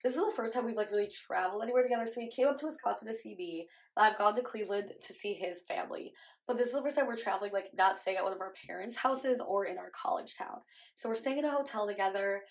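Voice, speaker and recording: A woman's voice: mid-range voice, quick pace. A young adult woman hosting a podcast, chatting casually and telling stories with lots of "like". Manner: chatty storytelling, heavy use of "like". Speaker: podcast host. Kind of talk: casual chat.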